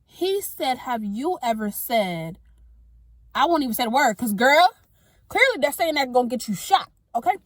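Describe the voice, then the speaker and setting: A young woman vlogging in a casual, exasperated rant, tossing in quick asides as she talks to her viewers. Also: high-pitched, very animated, dry recording. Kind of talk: casual ranting monologue to camera.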